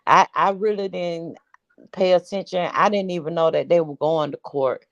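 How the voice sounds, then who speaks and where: A woman in a casual gossip chat, animated, with quick exclamations. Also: on the low side, lo-fi sound.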